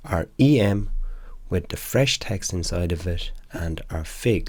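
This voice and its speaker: Guy teaching web coding, lowish voice, bit of fry, dry close sound. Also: no room sound. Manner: explanatory, walks through examples step by step. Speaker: web development instructor. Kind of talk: lecture explaining code.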